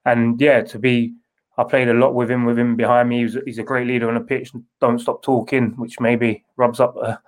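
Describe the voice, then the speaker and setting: A man's voice: mid-range voice, flat delivery, moderate pace, poor audio. A man, a former footballer answering interview questions in a loose, rambling way with many restarts. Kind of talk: casual interview.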